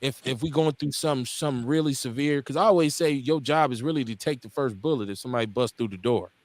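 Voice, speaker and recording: A man in his forties from Milwaukee hosts a laid-back talk radio show, speaking a little fast in a mid-range voice with no echo. He's blunt and profane, and he acts out the quotes in his lively stories.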